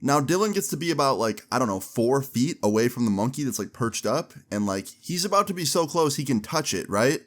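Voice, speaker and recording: A man's voice: medium pitch, sing-song, brisk, few pauses. A man in his twenties telling a story in a casual, slangy and profane way for a vlog.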